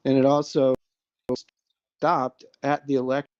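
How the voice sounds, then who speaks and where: A male guest talks slowly in halting fragments, his tone dark and relaxed. His audio comes through muffled and lo-fi over an internet connection that keeps dropping, dry with no room sound. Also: medium pitch, clear, resonant tone, no room sound. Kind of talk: casual conversation.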